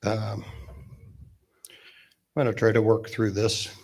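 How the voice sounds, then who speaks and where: A man in his fifties speaks at a memorial with a lowish voice and an unhurried pace. He talks haltingly, stopping on fillers as he works through a eulogy laced with gentle humor. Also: completely flat delivery, creaky, breathy edge. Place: memorial gathering.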